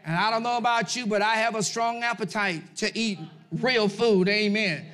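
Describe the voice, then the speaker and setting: A pastor preaches with a strikingly high, bright and forceful voice. He exhorts the congregation, calling out to them, and jumps between loud shouted peaks and quieter asides. He sounds middle-aged. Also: moderate pace. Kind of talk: sermon.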